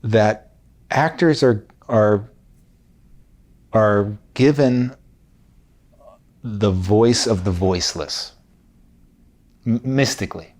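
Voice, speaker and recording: A man's voice: lowish voice, drawn-out words, pauses often, darkish tone. Male host, kinda hesitant, restarts a lot, lots of yeahs and easy laughs. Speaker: podcast host. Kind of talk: casual interview chat.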